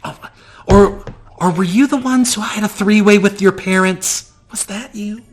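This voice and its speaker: A man putting on a flamboyant, gushing high-voiced magician. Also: moderate pace, natural voice. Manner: gushing, theatrical, repeats himself. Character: flamboyant fussy male magical shopper.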